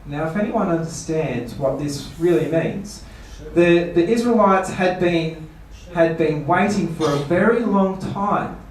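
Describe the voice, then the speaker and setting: A man's voice: on the high side, slight background noise. A man, a pastor giving a seminar talk, asking rhetorical questions and playfully mock-quoting people. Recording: echoey room, voice from far off.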